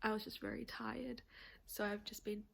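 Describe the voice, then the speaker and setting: A woman's voice: medium pitch, flat delivery, normal speed, creaky, breathy edge. A young woman vlogging in a rambling, chatty way with laughs, teary and close to crying. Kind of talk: casual chatty vlog.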